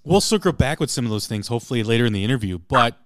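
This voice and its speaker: A male podcast host asking rambling questions with the excitement of a fan. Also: medium pitch, racing, no room sound. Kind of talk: casual interview chat.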